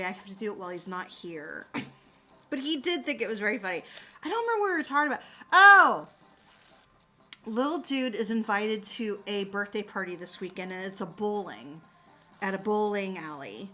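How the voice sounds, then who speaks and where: A woman's voice: medium pitch, pushed and bright. A woman streamer chatting casually with her viewers, telling stories animatedly and laughing often. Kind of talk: casual chat.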